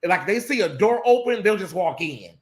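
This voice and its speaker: A man hosting a casual late-night live chat, animated and blunt, swearing freely and talking straight to his viewers. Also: high-pitched, normal speed, reverberant. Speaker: host.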